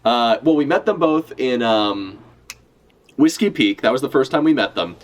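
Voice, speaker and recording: A man giving casual live reaction commentary as a streamer, animated and profane, laughing often as he talks. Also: medium pitch, moderate pace. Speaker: streamer reacting to a manga chapter.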